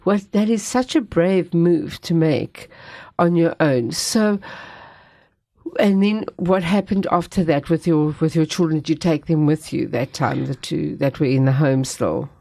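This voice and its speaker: A woman's voice: low voice, a little slow, dark tone, no echo, studio quality. A woman hosting an interview, supportive and affirming, often voicing agreement. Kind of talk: conversational interview.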